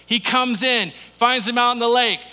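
A male pastor delivers his sermon like he's telling a story to friends. His voice sits high and bright. It rings out with a long hall reverb, as if in a church sanctuary. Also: moderate pace, clean tone. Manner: conversational storytelling preaching.

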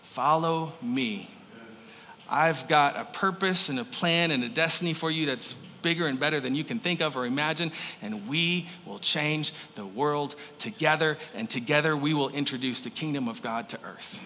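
Man playing a tender inviting savior, hushed, echoing in a hall. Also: fairly high pitch, slight background noise, pitched below the performer's own voice. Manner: soft, tender, slow. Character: gentle, calling male savior. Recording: echoey hall.

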